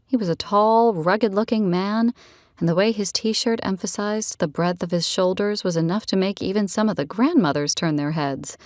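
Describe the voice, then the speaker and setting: A woman narrating a romance novel in a measured, steady storytelling voice. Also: mid-range voice, dry recording, studio quality. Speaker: audiobook narrator. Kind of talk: scripted narration.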